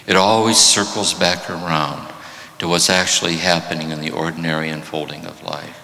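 Low bright-voiced retreat teacher. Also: male voice, normal speed, creaky. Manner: animated storytelling, reflective. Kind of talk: spiritual talk with jokes. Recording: reverberant hall.

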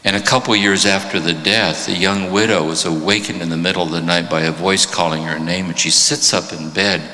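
Retreat teacher, man, low voice, bright edge, long hall reverb. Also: brisk. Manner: animated storytelling, reflective. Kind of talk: spiritual talk with jokes.

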